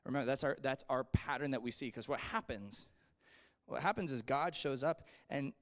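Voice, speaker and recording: A man leading a relaxed Sunday school class in an easygoing, conversational voice of middling pitch. He keeps it animated, leaping up and down in pitch when he acts out a line and slipping in little asides to his listeners. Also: normal speed. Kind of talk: casual Bible lesson.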